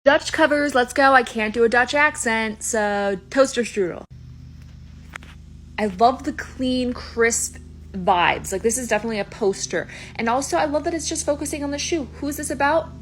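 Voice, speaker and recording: A woman's voice: high-pitched, animated, a bit bright, slight background noise. A young woman giving playful, casual reaction commentary as a video creator. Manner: chatty and playful, quick asides.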